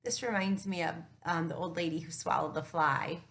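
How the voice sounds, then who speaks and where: A woman reading a children's storybook aloud and stopping to ask the listener questions in an animated way. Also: fairly low pitch, moderate pace, creaky, very noisy. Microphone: camera mic.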